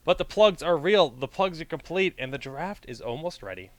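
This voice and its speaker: A man's voice: on the high side, animated, normal speed, no room sound. A man casting an esports match, chatting casually between games, plugging his shows and joking with his co-caster. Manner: chatty, plugs shows, jokes around. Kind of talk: casual pre-game commentary banter.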